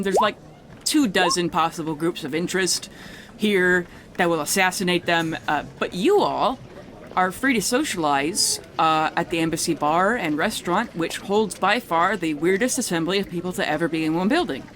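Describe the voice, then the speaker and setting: Dude running a tabletop game, kinda high voice, rambly, swears a lot, quiet hum behind. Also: male voice. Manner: casual and rambling, swears freely. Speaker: game master.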